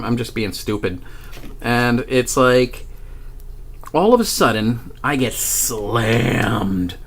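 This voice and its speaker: A man's voice: medium pitch, fairly bright tone. Rambling, swearing man telling a story. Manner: rambling and profane, with many restarts and chuckles. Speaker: paranormal vlogger. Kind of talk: casual storytelling monologue.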